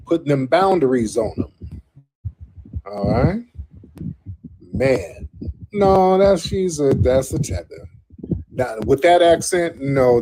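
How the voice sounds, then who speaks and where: A man's voice: mid-range voice, noisy background. A man hosting a live call-in talk show, mocking and sarcastic with his callers. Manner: mocking, sarcastic, drawn-out put-downs. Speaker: host taking callers.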